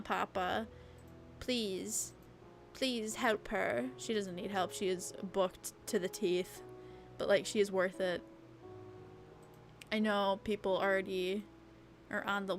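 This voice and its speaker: A woman's voice: mid-range voice, fairly bright tone. A young woman streaming a casual late-night chat, rambling and chatty, peppering her talk with "like" and the odd swear word. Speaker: VTuber streamer.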